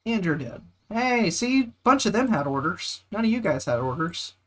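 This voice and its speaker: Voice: medium pitch, big pitch swings, normal speed. A streamer, joking and chatting casually during a game. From United States. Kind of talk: casual gameplay chat.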